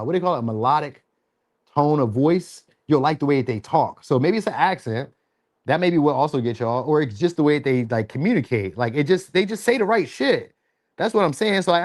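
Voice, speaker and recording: Joking, profane man giving a tarot reading. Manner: loose, profane, joking delivery; slips into high-pitched mock voices when quoting. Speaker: tarot reader. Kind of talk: casual tarot reading vlog.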